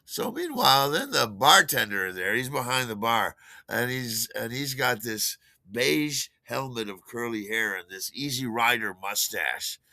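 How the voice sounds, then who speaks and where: A man's voice: medium pitch, lively intonation, unhurried, sharp tone, no room sound. An older man telling a rambling personal story, full of fillers, restarts and chuckles at his own tale. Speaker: podcast host.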